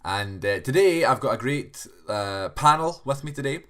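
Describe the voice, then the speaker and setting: A man's voice: medium pitch, lively intonation, moderate pace, a bit bright. A male podcast host giving a chatty, rambling solo cold open, joking at his own expense and restarting sentences.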